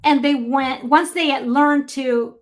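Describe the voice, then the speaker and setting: A woman's voice: high-pitched, steady tone, takes it slowly. Emphatic woman giving a health talk. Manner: emphatic, apologetic asides to chat viewers. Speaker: health presenter. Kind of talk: online health presentation.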